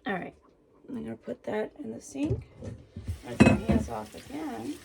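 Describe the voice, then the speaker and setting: A woman's voice: on the high side, a little slow, creaky. A woman casually talking viewers through a home cooking demo in her kitchen, chatty and a little out of breath. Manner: chatty, self-narrating, talks to viewers as guys. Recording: noisy home kitchen recording.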